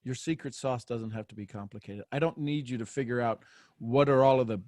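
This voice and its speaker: A man hosting a casual group coaching chat, playful and animated and laughing often. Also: mid-range voice, fairly quick, no echo, clean studio sound. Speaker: host.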